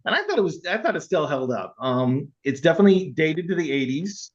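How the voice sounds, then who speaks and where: Lively-voiced man chatting about films. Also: fairly quick. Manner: rambling, laughs often, acts out quotes in a high voice. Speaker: podcast co-host. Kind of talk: casual film chat. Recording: dull lo-fi sound.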